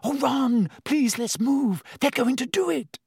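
A scared teenage girl , as a male narrator puts her on, breathy and whispering, her voice lifted far above his own. Slow, quiet and pleading, read close to a dry studio mic. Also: very high voice, dry recording, pitched above the performer's own voice, full character voice. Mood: shocked. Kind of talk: audiobook character voice.

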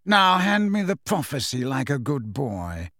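A man voicing a cold, sneering aristocratic wizard with a slow drawl. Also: medium pitch, big pitch swings, sharp tone, dry recording, studio quality.

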